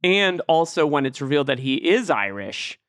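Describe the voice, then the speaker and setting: A man's voice: fairly high pitch, sing-song, moderate pace, a bit bright, dry recording, clean studio sound. A man co-hosting a film podcast, animatedly building an argument in casual talk. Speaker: podcast co-host.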